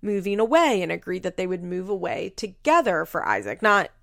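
Chatty woman laughing thru a show recap, lots of "like", gravelly voice, dead dry room. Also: lowish voice, sing-song, a little fast, fairly bright tone, dry recording. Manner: chatty, laughing, heavy use of "like". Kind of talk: casual chat recapping a show.

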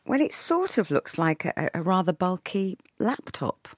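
Brief: female interviewer, animated, close dry studio sound. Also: lowish voice, measured pace, no room sound. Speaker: podcast host. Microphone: studio microphone.

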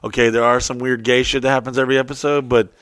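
A man's voice: mid-range voice, level tone, fast, a bit bright, smooth, no echo. A man co-hosting a casual podcast, talking in a profane, emphatic way and getting fired up. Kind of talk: casual crude chat.

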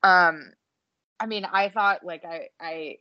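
Halting young woman on a dull mic. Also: fairly low pitch, dry recording. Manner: halting, restarts often, swears casually. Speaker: podcast co-host. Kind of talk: casual recap chat.

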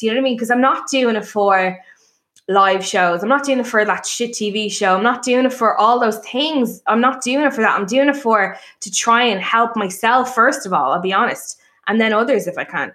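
A woman chatting casually on a podcast, telling stories in a blunt, animated, sweary way. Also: a little high, a little fast. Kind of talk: casual chat.

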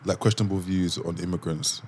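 A man's voice: low voice, fairly even intonation, a little fast, a little mellow, a little hiss or hum. A man co-hosting a podcast, chatting in a reflective way with frequent restarts. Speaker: podcast co-host. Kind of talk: casual chat.

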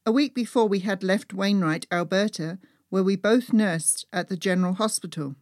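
A woman's voice: mid-range voice, moderate pace, a little mellow, dry recording, studio quality. A woman narrating a first-person story as an audiobook, reading dramatically and dropping to a whisper in tense moments.

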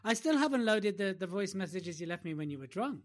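Male podcast co-host, high voice, teasing, chatty. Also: lively intonation, brisk. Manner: teasing, playful, laughs often. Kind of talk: casual chat.

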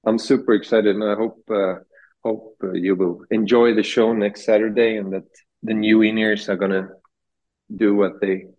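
Low-voiced Swedish man, dull remote audio. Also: moderate pace. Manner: relaxed, hesitant with fillers. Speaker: guest artist. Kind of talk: casual interview answers.

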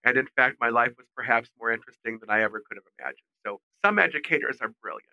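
A middle-aged man, a fashion designer, telling animated stories as a guest in a podcast interview. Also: medium pitch, racing, no echo, highs cut off. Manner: animated, expressive storyteller. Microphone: remote call mic.

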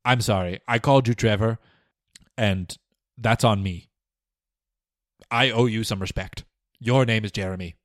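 A man's voice: fairly low pitch, unhurried, pauses often, dry recording, clean studio sound. A young man hosting a comedy podcast, delivering a pompous, rambling, mock-serious film review with stammering restarts. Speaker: podcast host. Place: small studio.

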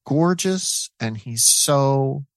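A man co-hosts a casual podcast chat, thoughtful and a little halting. His voice has a gravelly edge. The recording is dry and close. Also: medium pitch, animated, no echo.

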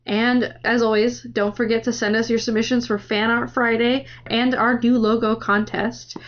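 A woman's voice: on the high side, flat delivery, moderate pace. A woman co-hosting a casual book-club podcast, chatty and agreeable. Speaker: podcast co-host. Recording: dull lo-fi sound.

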